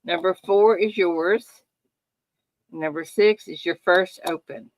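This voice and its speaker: A woman's voice: fairly low pitch, takes it slowly, darkish tone, low-quality recording. A woman hosting a live giveaway stream in a playful, sing-song patter. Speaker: host of a live coin giveaway show. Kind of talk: casual live-stream chat.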